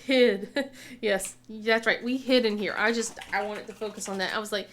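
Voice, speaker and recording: A woman's voice: mid-range voice, steady tone, normal speed, fairly bright tone, slight background noise. A woman in her thirties chatting casually while crafting, telling family stories with frequent laughter and acted-out quotes. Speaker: craft vlogger.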